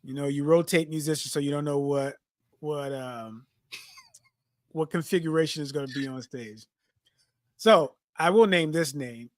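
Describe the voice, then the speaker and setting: A man, co-hosting a podcast and telling lively stories that he acts out in casual chat. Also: on the high side, moderate pace, pauses often, dry recording, studio quality. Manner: animated storyteller, acts out quotes. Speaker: podcast co-host.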